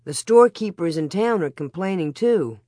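A woman voicing a steady, teasing pioneer father with a calm, even delivery in her own lowish voice. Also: normal speed, no room sound, studio quality, close to an everyday voice. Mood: matter-of-fact.

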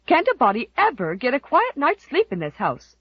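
A woman's voice: a little high, big pitch swings, normal speed, dry recording, lo-fi sound, pitched above the performer's own voice. A woman voicing a querulous elderly spinster aunt in an audiobook, complaining and dwelling on dire omens. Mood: indignant. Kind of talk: audiobook character voice.

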